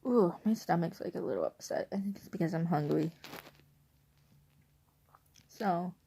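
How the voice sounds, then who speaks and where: A woman's voice: fairly low pitch, measured pace, creaky, dark tone, slight background noise. A young woman telling a rambling story casually at home in her bedroom at night, full of "like" and asides. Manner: rambling, chatty, lots of "like". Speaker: vlogger.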